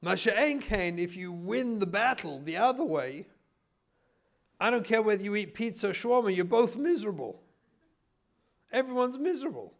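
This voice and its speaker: A man from Israel, a rabbi and family therapist, giving an animated lecture full of acted anecdotes. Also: high-pitched, normal speed, pauses often. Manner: animated, storytelling, emphatic.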